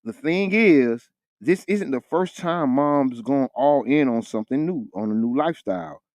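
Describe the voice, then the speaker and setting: A man co-hosting a morning radio talk show, with casual, animated banter. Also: normal speed, dry recording, clean studio sound. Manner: animated, jumps high when joking, laughs often. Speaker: radio co-host.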